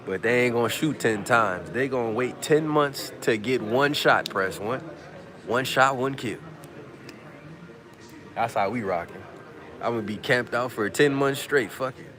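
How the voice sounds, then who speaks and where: A man's voice: mid-range voice, measured pace, a bit bright. A man hosting a casual livestream from a media room, chatting in slang and reading out viewer comments. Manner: laid-back slang, reads out viewer comments. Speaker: livestream host. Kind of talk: casual live chat with viewers. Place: press conference media room.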